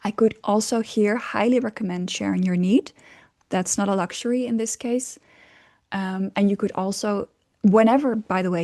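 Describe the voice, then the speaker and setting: A woman's voice: mid-range voice, mellow. A woman coaching on communication, explaining casually with fillers, hesitations and frequent little laughs.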